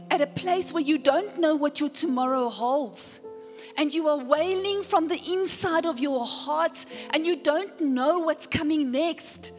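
A woman pastor delivering a sermon in a high, bright register, taking her time over each phrase. She retells the story dramatically and keeps turning to the congregation for a response. Her voice rings through a long church reverb with faint music underneath. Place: church sanctuary.

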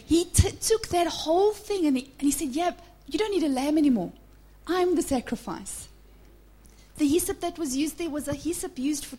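A woman pastor preaching a sermon to her church. She rises to loud, slow, emphatic declarations, drops to a hushed whisper for emphasis, and calls out to the congregation. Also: high-pitched, husky.

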